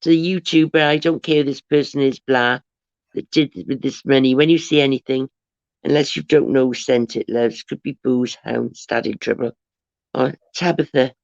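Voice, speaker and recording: A woman's voice: rumbling low, steady tone, moderate pace, creaky, a little mellow, dry recording. Woman host, chatty rambler, dull dry lo-fi stream audio. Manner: chatty storyteller, rambling with restarts. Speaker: livestream host. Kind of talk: casual livestream chat.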